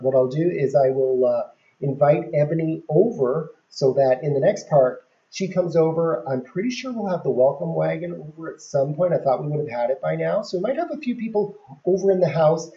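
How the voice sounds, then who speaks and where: A woman's voice: low-pitched, warm tone, highs cut off. A woman giving casual gameplay commentary, chatty and laughing often as she talks to the characters on screen.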